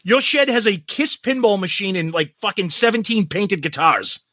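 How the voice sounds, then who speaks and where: A man's voice: high voice, animated, normal speed, sharp tone, no echo. A man co-hosting a podcast, ranting sarcastically with plenty of profanity. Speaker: podcast co-host. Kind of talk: casual chat.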